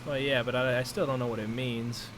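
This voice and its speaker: A man from the US in a casual gaming chat, excitable and slangy with quick asides. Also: medium pitch, noisy background. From United States. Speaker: streamer.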